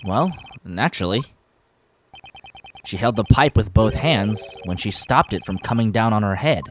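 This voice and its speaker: A woman streaming a game, reading the dialogue aloud with drama and bursting into excited shrieks. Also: a bass voice, unhurried, a little hiss or hum. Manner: reads lines dramatically, breaks into loud excited shrieks and laughter. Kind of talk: live-stream game playthrough with voiced lines.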